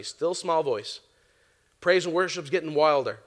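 A middle-aged man from Canada preaching a sermon, telling a personal testimony in an animated way and laughing often. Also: on the high side, normal speed.

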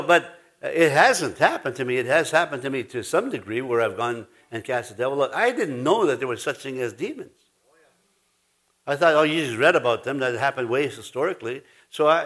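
Male pastor, slightly high voice, preaching in a rambling, anecdotal style with frequent restarts. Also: expressive, a little fast, a bit bright. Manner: rambling storytelling with restarts and laughs. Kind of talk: sermon.

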